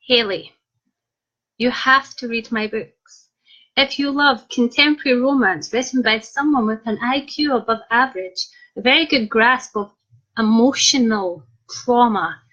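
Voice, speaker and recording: A woman's voice: on the high side, bright, forceful tone. A young woman author chatting in a cheeky, self-mocking way as she reads out viewer comments on a live video. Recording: dull lo-fi live stream audio.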